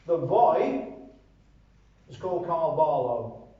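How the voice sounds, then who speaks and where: A man's voice: high voice, expressive, moderate pace, mellow, slight background noise. An older man from northern England giving dry, sardonic commentary and reading his own poetry. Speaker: poet and commentator. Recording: roomy, distant, muffled mic with faint ambience.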